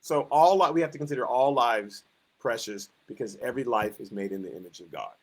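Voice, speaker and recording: A man's voice: mid-range voice, expressive, brisk. A man teaching a Sunday school Bible lesson in a conversational way, acting out the quotes he tells with rising emphasis.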